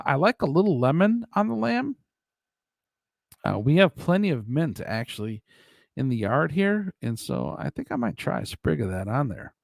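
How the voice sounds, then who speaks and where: A man's voice: medium pitch, creaky, slightly rough, no echo, studio quality. A man hosting a casual live stream, rambling and chuckling as he talks to his chat by name.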